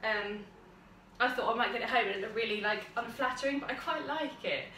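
A young female vlogger, upstairs at home, enthusiastically shows her finds in casual, slightly rambling chat. Her voice is a little high, fairly quick, bright, and forceful, with a faint hiss or hum in the background.

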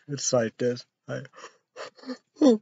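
A man's voice: mid-range voice, sing-song, takes it slowly, gravelly, heavy background noise. A young man hosting a casual show, reading news headlines aloud and rambling about them, spelling names letter by letter. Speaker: show host. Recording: dull lo-fi recording.

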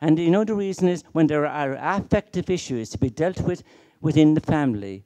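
A man's voice: fairly high pitch, animated, a little fast, mellow. A middle-aged man giving a conference keynote, emphatic and full of rhetorical questions and stories. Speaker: keynote speaker.

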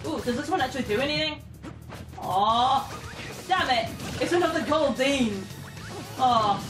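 A woman giving excitable, giggly let's-play commentary, often shouting at the game. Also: sits high, moderate pace, long pauses. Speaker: gamer. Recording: echoey room, distant mic, game music.

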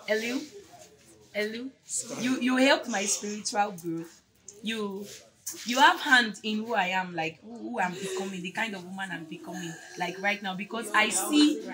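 A young woman with a Nigerian accent giving an earnest, rambling farewell tribute at a fellowship gathering, laughing between phrases. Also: medium pitch. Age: young adult. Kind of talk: heartfelt tribute speech. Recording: noisy crowd around speaker.

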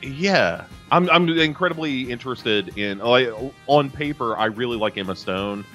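A man's voice: mid-range voice, lively intonation, normal speed, sharp tone, soft background music. A man from the United States co-hosting a film podcast in casual chat, rambling and often restarting his sentences. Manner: rambling, self-interrupting, chatty. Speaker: podcast co-host.

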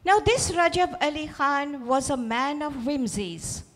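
A woman reading her own fiction aloud at a literary festival, expressive and speaking directly to the audience. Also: high-pitched, a little slow. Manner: expressive, storytelling, addresses audience. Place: festival auditorium. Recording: reverberant hall.

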